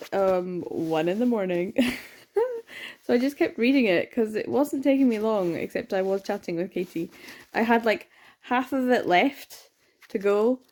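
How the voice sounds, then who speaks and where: A young woman chatting excitedly in a late-night reading vlog, sleepy with her words slurring, gasping and laughing as she gushes about a book. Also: mid-range voice. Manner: gushing and excitable, frequent laughs and gasps. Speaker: book vlogger.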